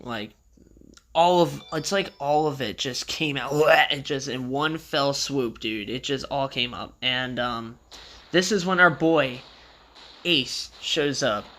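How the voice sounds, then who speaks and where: Bright-voiced young man telling a rambling story. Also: medium pitch. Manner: rambling, swears often, loose slangy talk. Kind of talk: casual storytelling vlog.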